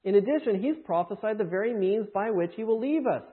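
A man's voice: high voice, animated, fairly quick, husky. A man preaching a sermon, teaching through scripture with emphatic rhetorical questions. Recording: tinny phone-like sound.

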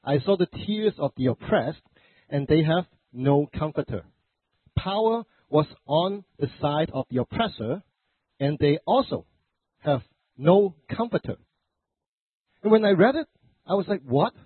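Man pastor, sermon, stuffy flu voice, husky, conversational, tinny dry phone-like recording. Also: a little high, animated, unhurried, pauses often, no echo. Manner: conversational, self-correcting, joking asides. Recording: dry, phone-like narrow sound.

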